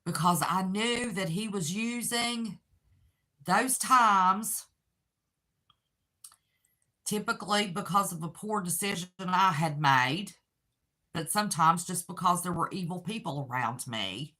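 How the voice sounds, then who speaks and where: A woman's voice: on the low side, slow pace, long pauses, bright, forceful tone. An older woman speaking as a channel host, giving an earnest, heartfelt personal testimony. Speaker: channel host sharing her faith and grief.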